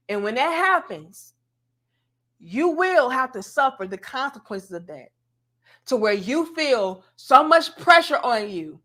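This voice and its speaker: Woman, commentary show host, high pitch, emphatic, lecturing, talks to viewers. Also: lively intonation, measured pace, a bit bright.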